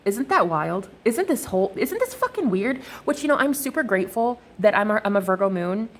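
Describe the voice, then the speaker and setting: Animated swearing spiritual vlogger woman. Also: a little fast. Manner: animated, swearing, swings to high emphatic peaks. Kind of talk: casual vlog monologue.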